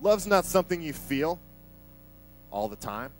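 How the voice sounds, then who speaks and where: A man delivers a sermon in a relaxed, conversational way, with emphatic turns and a slightly high voice. His talk moves between plain explanation and vivid storytelling. A faint hum sits behind him. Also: unhurried, low-quality recording. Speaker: preacher.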